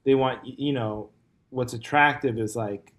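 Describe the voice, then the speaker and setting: Guy hosting a comedy podcast, mid pitch, rambly jokey chat, lots of likes and ums. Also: moderate pace. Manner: rambling, joking, lots of fillers. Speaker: podcast host.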